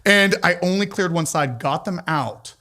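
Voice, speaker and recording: A man who owns the building, telling stories in an animated, casual way at a live podcast and acting out the people he quotes. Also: high-pitched, normal speed. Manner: animated storyteller, acts out quotes. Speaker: building owner. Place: large old building, live audience.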